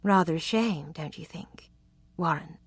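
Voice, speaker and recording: A woman's voice: low-pitched, measured pace, slightly rough, dry recording. Teasing young regency lady voiced by a woman, coquettish, arch, dry close sound.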